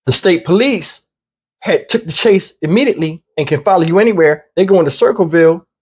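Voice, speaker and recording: Husky high-voiced man commenting bluntly. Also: brisk. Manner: conversational, blunt, repeats points. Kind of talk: casual commentary.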